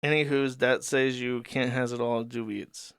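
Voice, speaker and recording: A man voicing a fat, creepy male cat-costume apparition who talks slowly with slurred, mangled grammar. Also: mid-range voice, level tone, vocal fry, clear, resonant tone, no room sound, lightly acted. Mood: sly.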